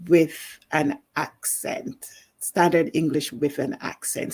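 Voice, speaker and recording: A woman with a Jamaican accent teaching a live language lesson, explaining slowly with many fillers. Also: on the low side, vocal fry, breathy edge.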